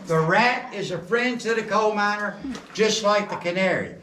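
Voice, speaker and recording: Middle-aged man, joking tour guide, fairly high voice, echoey, far from the mic, noisy background. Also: moderate pace, sharp tone. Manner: folksy joking storyteller. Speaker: coal mine tour guide. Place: underground mine tunnel. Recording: roomy echo, distant camera, background noise.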